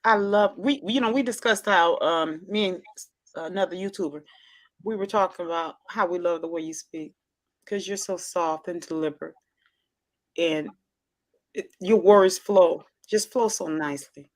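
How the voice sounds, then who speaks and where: A woman with a Southern accent hosting a casual chat, effusive and expressive, often repeating herself. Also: on the low side, moderate pace. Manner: loud and expressive by her own account. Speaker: talk show host.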